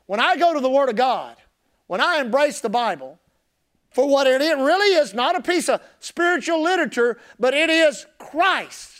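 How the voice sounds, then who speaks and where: An impassioned male pastor preaches with lively intonation at a moderate pace. He repeats his key phrases and moves between shouted emphasis and soft, low asides.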